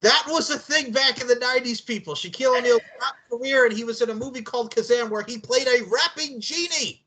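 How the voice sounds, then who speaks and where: A man's voice: extremely high pitch, fast talker, sharp tone, slight background noise. A man hosting a casual podcast chat, rambling, profane and often laughing. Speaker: podcast host.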